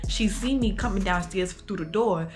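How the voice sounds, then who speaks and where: A woman's voice: mid-range voice, moderate pace, soft background music. A young adult woman telling a casual storytime for her vlog, talking in slang with lots of fillers. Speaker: vlogger.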